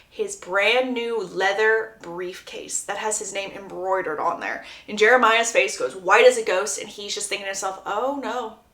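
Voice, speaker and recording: Animated woman recapping in a roomy echo. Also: mid-range voice. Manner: animated, laughs often, acts out quotes. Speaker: book recap youtuber. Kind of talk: chatty plot recap.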